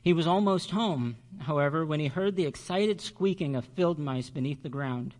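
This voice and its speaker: A male pastor reading a children's story aloud during a sermon, expressive and measured. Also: on the high side.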